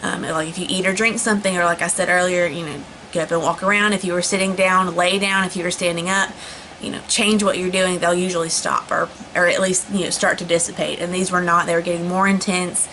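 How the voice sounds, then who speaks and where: A woman's voice: fairly low pitch, level tone, brisk, pushed and bright, slight background noise, poor audio. A young woman chatting casually to camera, rambling with lots of fillers and restarts. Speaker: vlogger. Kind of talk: casual storytelling vlog.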